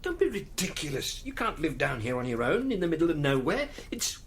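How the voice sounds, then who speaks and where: An actor playing a gentle, worried middle-aged father. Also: a little high, big pitch swings, a little fast, a little hiss or hum. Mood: coaxing. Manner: soft, coaxing. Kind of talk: audio drama acting.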